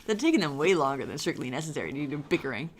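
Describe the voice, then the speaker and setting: Giggly woman with a low voice. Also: sing-song, very fast, husky. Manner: giggly, swears casually, laughs often between lines. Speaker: fanfiction reader, co-host. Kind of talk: comedic fanfiction reading with commentary.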